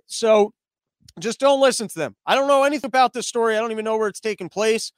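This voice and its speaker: A man's voice: high voice, clear, resonant tone, dry recording, clean studio sound. A young man hosting a casual news commentary show, rambling with profane, sarcastic asides.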